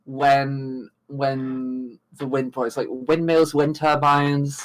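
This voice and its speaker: A tabletop game player thinking aloud, with restarts and an animated delivery. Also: medium pitch, drawn-out words, crowd noise, low-quality recording. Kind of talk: casual tabletop chat.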